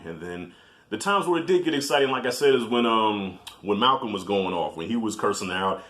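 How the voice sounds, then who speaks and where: Man, casual movie review vlog, animated storytelling, profane, talks to viewers. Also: medium pitch, fairly quick. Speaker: film reviewer.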